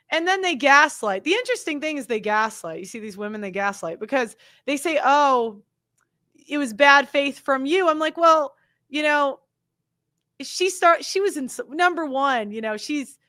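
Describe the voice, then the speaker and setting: Talking straight to camera on her own show, a young woman with a high, bright, pushed voice launches into an indignant, defensive monologue, sprinkled with "like" and "you know." She mimics others in quoted lines, and the recording has no echo.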